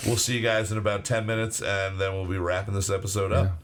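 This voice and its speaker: Low-voiced man in casual podcast banter. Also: level tone, fast talker. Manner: loose, swearing, chatty with restarts. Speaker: podcast co-host.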